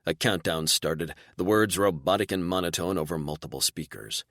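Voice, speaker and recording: A man narrating a fantasy romance audiobook in the first person, with steady, even storytelling. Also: low voice, normal speed, few pauses, no echo, clean studio sound.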